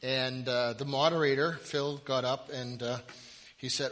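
A man's voice: mid-range voice, steady tone, measured pace, a bit bright. A man preaching a sermon with humorous storytelling in a large hall. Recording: reverberant hall.

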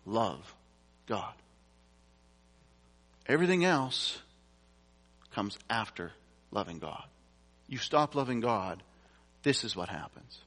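A man's voice: fairly low pitch, sing-song, slow, pauses often, a bit bright. A man preaching a sermon, reading scripture aloud and explaining it in a conversational way with casual asides. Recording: long reverb from a large hall.

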